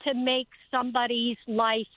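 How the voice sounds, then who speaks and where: Older lady calling in, earnest storyteller, highish voice, tinny phone line. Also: level tone, moderate pace, no room sound. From Southern California. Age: 70s. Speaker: caller. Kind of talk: phone-in testimony.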